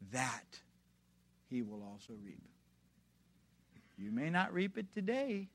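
A man preaching a sermon in a somewhat high voice, addressing his congregation directly and posing rhetorical questions. His delivery is emphatic, moving from quiet storytelling up to loud, forceful exhortation.

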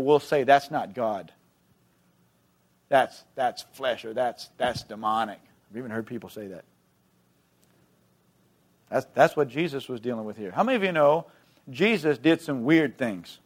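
A man preaching a sermon, emphatic, swinging between loud, rousing lines and hushed, quiet ones. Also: fairly high pitch. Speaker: pastor.

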